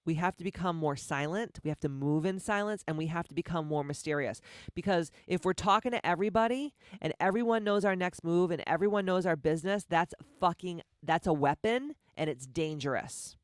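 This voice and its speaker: A woman's voice: lowish voice, dry recording, studio quality. Blunt, profane woman podcast host. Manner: slows down to stress key words. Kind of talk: motivational podcast monologue.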